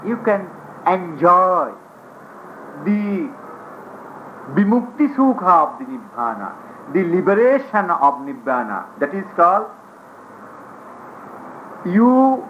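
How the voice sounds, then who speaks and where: Male monk teacher, Dhamma talk, halting repetitive delivery, dull 1980s tape with faint hiss. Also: fairly high pitch. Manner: repetitive, broken phrasing, storytelling. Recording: muffled 1980s tape recording.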